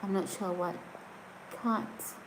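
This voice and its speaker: A woman chatting on a live stream from home, reading out viewer comments and laughing easily. She talks at an unhurried, drawn-out pace. A faint background hiss sits under her voice. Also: medium pitch, fairly even intonation. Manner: giggly, chatty, often breaks into laughter. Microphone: phone or camera set on a surface.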